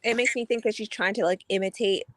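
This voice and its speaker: A woman's voice: mid-range voice, fairly even intonation, quick pace, no echo. A woman in a casual chat, speaking tentatively with many hesitations.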